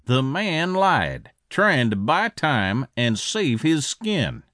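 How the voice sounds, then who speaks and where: A man narrating a western audiobook in an expressive, scripted storytelling style. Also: mid-range voice, slow, dry recording, clean studio sound.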